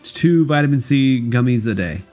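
A man's voice: medium pitch, expressive, moderate pace, darkish tone, soft background music. A young man co-hosting a casual comedy podcast, jokey and laughing often. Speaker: co-host.

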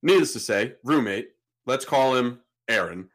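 Guy on a podcast telling a wild story, casual and animated, acts out the voices. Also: medium pitch, measured pace. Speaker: podcast host.

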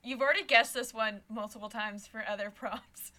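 Bright-voiced woman co-hosting a chat. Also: on the high side, moderate pace. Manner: playful, teasing. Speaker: podcast co-host. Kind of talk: casual chat.

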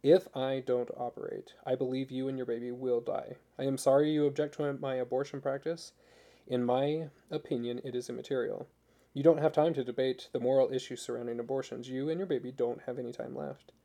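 A man's voice: mid-range voice, steady tone, a little fast, creaky, dark tone, natural voice. A man voicing a woman surgeon who talks in a clipped, matter-of-fact way. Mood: clinical, firm. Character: brisk, blunt woman surgeon, cool and authoritative.

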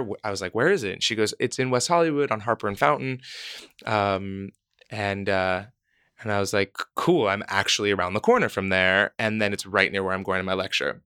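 A man's voice: lowish voice, fairly quick, smooth, no room sound, clean studio sound. A man casually telling a long personal story, acting out the voices of people in it. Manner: animated, acts out quoted voices.

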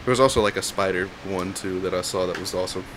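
A man's voice: sits low, quick pace, crowd noise, rough recording. A man in a casual group chat who rambles along with lots of fillers.

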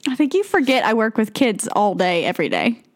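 A woman's voice: fairly high pitch, a little fast. A young woman with a Southern American accent, co-hosting a casual chat podcast and telling stories with lots of laughter. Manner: giggly, animated storyteller. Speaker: podcast co-host.

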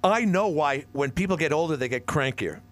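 A middle-aged man hosting a call-in radio show, jovial and quick to laugh. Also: a little high, lively intonation, a bit bright. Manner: jovial, laughs often, interrupts. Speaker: radio talk show host.

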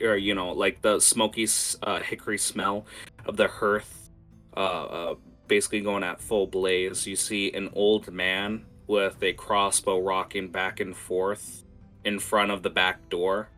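A man's voice: lowish voice, level tone, a little slow, sharp tone, soft background music. A man narrating a tabletop game as game master, rambling with many fillers.

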